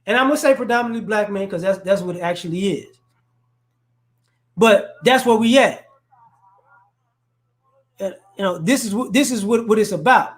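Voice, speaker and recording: Speaking at a moderate pace and pausing often, a high-voiced man airs his opinions conversationally. He's from New Orleans, with a faint accent from there blended with Chicago and DC speech, and keeps restarting and saying "you know."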